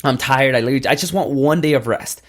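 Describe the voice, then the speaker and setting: Young man, podcast guest, rapid-fire delivery, emphatic, blunt, profane. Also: medium pitch. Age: 20s. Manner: emphatic, blunt, swears freely. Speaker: guest entrepreneur. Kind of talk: casual podcast interview.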